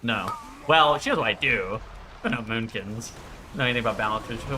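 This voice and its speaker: A man chats on his live stream in a lively voice full of swings, rambling along and swearing freely. His tone is bright and forceful, with faint background noise behind him. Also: medium pitch, fast talker. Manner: profane and rambling. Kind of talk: casual live-stream chat.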